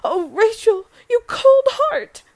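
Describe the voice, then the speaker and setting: A woman's voice: extremely high pitch, steady tone, unhurried, bright, forceful tone, no room sound, full character voice. A woman voicing a grieving middle-aged mother with a quavery voice close to tears. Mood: upset.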